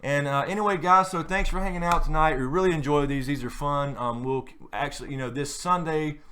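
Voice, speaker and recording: A man's voice: on the high side, steady tone, a little fast, bright, forceful tone, a little hiss or hum. A man hosting a late-night live stream, chatting casually and rambling with many fillers and restarts.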